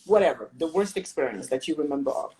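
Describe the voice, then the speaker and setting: A woman dance instructor hosting a casual interview with her students, animated and laughing often. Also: sits low, quick pace.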